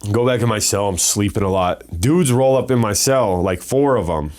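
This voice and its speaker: A young man from Colorado telling wild stories in a casual interview, slangy and animated, acting out the voices he quotes. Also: on the low side, normal speed. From Colorado, USA. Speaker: podcast guest, former fighter.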